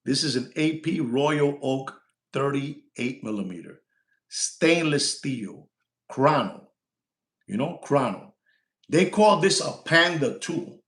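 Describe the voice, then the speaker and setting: A man's voice: mid-range voice, expressive. Brash male watch dealer, live-stream patter, repeats himself, slips into Spanish slang, echoey room. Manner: brash, rapid switching between English and Spanish slang; repeats lines and shouts for likes. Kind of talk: casual live-stream sales talk.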